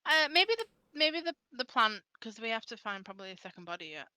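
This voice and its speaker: A woman's voice: fairly high pitch, sing-song, brisk, pushed and bright, dry recording. A woman playing a detective board game on stream, chatting in a giggly, playful way. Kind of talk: casual chat.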